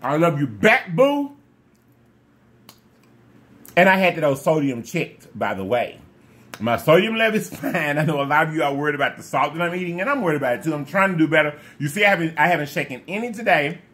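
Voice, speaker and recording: Eating on camera, this male mukbang vlogger gushes to his audience, repeats himself, and occasionally speaks through a mouthful of food. He sounds a little high, animated, and a bit bright, at a fairly quick pace.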